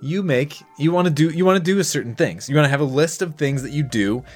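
A man's voice: on the high side, fast, soft background music. Chatty man in his thirties hosting. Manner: laughs often, leads the conversation. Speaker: podcast host. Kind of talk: casual chat.

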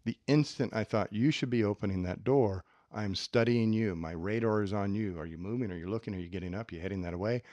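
A man's voice: on the low side, fairly quick, hardly any pauses, no room sound, highs cut off. A man co-hosting a self-help podcast, teaching and acting out little everyday scenes. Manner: animated, acts out little scenes. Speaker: podcast co-host.

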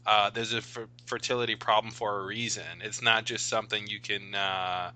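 A man's voice: lowish voice, level tone, moderate pace, sharp tone, low-quality recording. A man co-hosting a casual podcast, talking through ideas thoughtfully with a rambling flow and many fillers. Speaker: podcast co-host.

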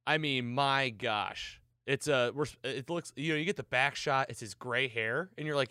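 An excited man hosts a casual podcast and retells a TV episode with lively storytelling. His voice sits at a middle pitch and is recorded close and dry, with almost no room sound. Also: moderate pace, few pauses, smooth, no echo. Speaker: podcast host recapping a TV episode.

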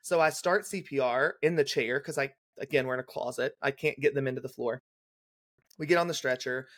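A young adult man with a mid-range voice appears as a guest, a legal nurse consultant, in a podcast interview. He tells a clinical story casually but briskly and in detail, acting out the quoted dialogue.

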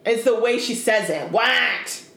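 A woman's voice: mid-range voice, brisk. A woman in her thirties from the Southern United States, co-hosting a podcast and telling stories with quoted voices. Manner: animated storyteller, quotes people in character voices. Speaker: podcast co-host. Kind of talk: casual chat. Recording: roomy podcast recording, faint ambience.

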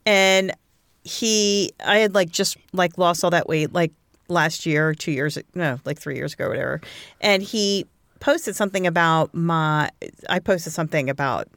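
A woman in her forties trades stories on a casual podcast. She talks loosely with lots of fillers and pops her pitch up to act out what others said. The sound is close and dry. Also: measured pace, fairly bright tone, no echo. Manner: chatty storyteller, acts out quotes with big pitch jumps. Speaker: podcast co-host. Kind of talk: casual chat.

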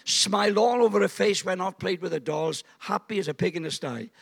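Gravelly, high-voiced preacher in his seventies. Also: fairly quick. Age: 70s. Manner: animated, jokey, acts out voices. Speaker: guest pastor. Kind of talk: storytelling sermon. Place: church service.

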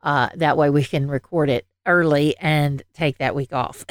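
A woman with a Southern accent and a low, animated voice co-hosts a casual podcast, speaking slowly and rambling with plenty of fillers and laughs. She wears headphones and uses her own mic, giving clean studio quality with no echo.

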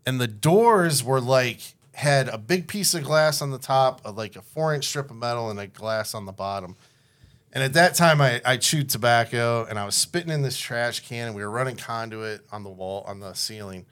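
A man's voice: medium pitch, normal speed, fairly bright tone. A man on a podcast, telling crude, wild stories in casual chat and laughing his way through them. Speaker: podcast guest.

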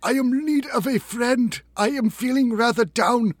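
A podcast co-host doing a comic impression of a solemn German film director, with a German accent and a slow, fatalistic, deadpan delivery. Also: male voice, very high voice, breathy edge, dry recording. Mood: mournful.

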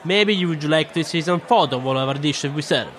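Man as a restaurant waiter, polite, broken english, fairly high voice. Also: brisk, fairly bright tone, a faint crowd, close to an everyday voice. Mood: patient. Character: patient adult male restaurant waiter. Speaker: waiter in a sketch.

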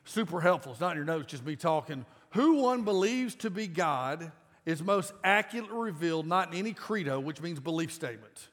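A man in his forties preaching a sermon to a congregation in a casual, emphatic way that breaks into loud bursts. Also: a little high, lively intonation, brisk. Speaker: pastor. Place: large church auditorium. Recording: live church sound with long reverb.

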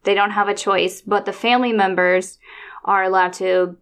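A woman's voice: mid-range voice, steady tone, normal speed, a bit bright, smooth. A woman co-hosting a podcast in casual chat, explaining things plainly and venting with exasperation now and then. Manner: chatty, exasperated venting with mimicked quotes. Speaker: podcast co-host.

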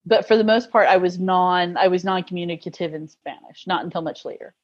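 A woman's voice: lowish voice, a little fast, lo-fi sound. A woman telling stories in a casual interview, laughing often as she talks. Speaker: guest.

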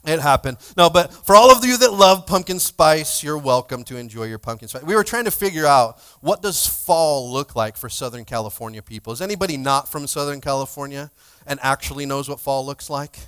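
Playful man pastor, smooth voice. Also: on the high side, brisk. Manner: playful, jokey, energetic crowd banter. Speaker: lead pastor. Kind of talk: church service announcements and sermon opening. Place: church sanctuary with congregation.

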